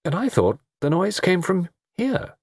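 A man voicing a hurried, insistent young woman guest in a storybook reading. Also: high voice, very animated, creaky, a little mellow, husky, no echo, studio quality, voice pushed up, heavily acted. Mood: earnest.

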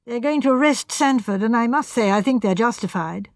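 A woman's voice: on the high side, brisk, a little mellow, no room sound, clean studio sound, natural voice. Woman voicing a courteous older police chief. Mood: measured. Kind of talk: audiobook character voice.

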